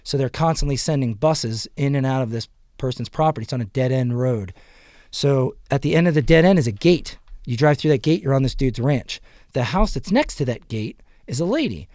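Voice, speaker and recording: A man on a podcast, telling a story in a casual, animated way, acting out other people's lines and swearing freely. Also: medium pitch, no room sound, studio quality. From United States. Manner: animated, quotes others in raised voices, swears. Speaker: podcast guest.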